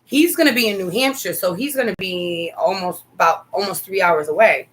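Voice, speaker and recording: A woman's voice: medium pitch, a little fast, slight background noise, poor audio. A middle-aged woman and mother co-hosting a casual talk show, telling a family story with candid asides. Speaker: podcast co-host, mother.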